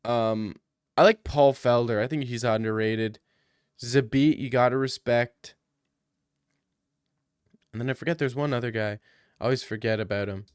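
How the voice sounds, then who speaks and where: A man's voice: mid-range voice, normal speed, long pauses, smooth, dry recording, studio quality. A man on a stream casually answering viewer questions, joking and ranting in mock outrage.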